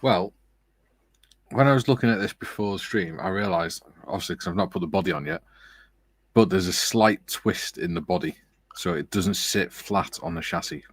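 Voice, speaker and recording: A man co-hosting a relaxed livestream, chatting and joking as he builds a scale model. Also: sits low, normal speed, slightly rough. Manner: chatty, joking, reads viewer comments aloud. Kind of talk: relaxed casual chat.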